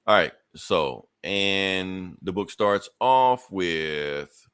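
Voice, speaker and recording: A deep-voiced man hosts a podcast and recaps a comic book in loose, casual talk. He swears freely, corrects himself as he goes, and keeps the story rambling along. The recording is dry and close, with no room around it. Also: animated, drawn-out words, fairly bright tone, clean tone, no room sound. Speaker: podcast host.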